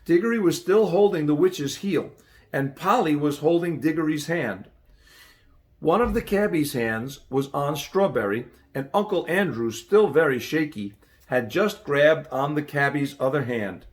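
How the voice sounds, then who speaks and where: A man narrates a storybook in a bright, expressive reading voice that sits a little high. His pitch rises and falls in lively swings as he carries the action. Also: a little slow. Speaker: audiobook reader. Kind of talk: audiobook narration.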